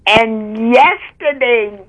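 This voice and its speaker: Older lady caller, high voice, slow, voice catching, praising the lord on a dull phone line. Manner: fervent, breaks into praise, voice catching with emotion. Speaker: caller sharing a testimony. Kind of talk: emotional testimony.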